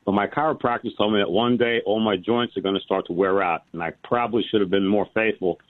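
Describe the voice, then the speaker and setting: A man's voice: fairly low pitch, fairly even intonation, fast talker, no echo. A man in his sixties calling in to a radio talk show, telling a long, rambling story with many restarts. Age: 60s. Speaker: caller. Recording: phone line.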